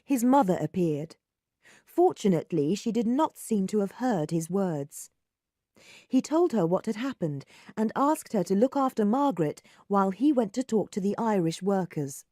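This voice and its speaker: A woman narrating a story aloud, slow and lively, acting out the dialogue. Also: mid-range voice, no echo, studio quality.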